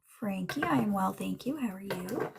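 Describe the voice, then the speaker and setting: A woman doing a casual livestream tarot reading, chatting to viewers and dropping into soft muttered asides. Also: medium pitch, lively intonation, normal speed, creaky, background noise. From Newfoundland, Canada. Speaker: tarot reader and medium.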